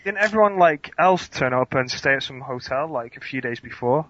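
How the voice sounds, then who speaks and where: A man's voice: mid-range voice, lively intonation, moderate pace, a bit bright. A man co-hosting a podcast, chatting casually in a skeptical, teasing way. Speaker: podcast co-host. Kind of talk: casual chat. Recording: dry, dull lo-fi sound.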